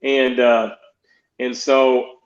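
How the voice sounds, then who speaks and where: A man's voice: medium pitch, flat delivery, drawn-out words. Guest: older man, rambling storyteller, echoey dull recording, roomy. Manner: rambling, many restarts, quotes others in dialogue. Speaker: guest, baseball pitching coach. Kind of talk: storytelling interview.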